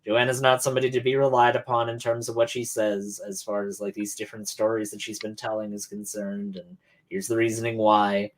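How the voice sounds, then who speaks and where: A man's voice: fairly low pitch, level tone, fairly quick, slight background noise. Sarcastic man reacting to a clip. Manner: sarcastic, argumentative, laughs often. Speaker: co-host reacting to a documentary. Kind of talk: casual reaction chat.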